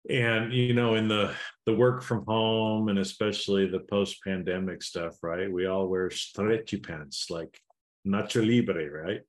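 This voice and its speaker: A man co-hosting a casual podcast chat, relaxed and rambling with many asides. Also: fairly low pitch, slow pace. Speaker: podcast co-host.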